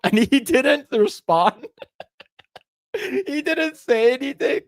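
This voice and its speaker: A man's voice: very high-pitched, expressive, drawn-out words, long pauses, dry recording, clean studio sound. A man co-hosting a podcast, telling a rambling gaming story with lots of fillers and frequent laughter. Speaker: podcast co-host. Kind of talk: casual chat, storytelling.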